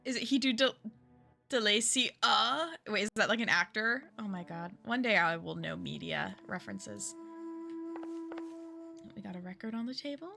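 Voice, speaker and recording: A woman's voice: mid-range voice, moderate pace, creaky, pushed and bright. A woman giving casual, jokey commentary while streaming a game, chatty with rambling asides. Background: game music.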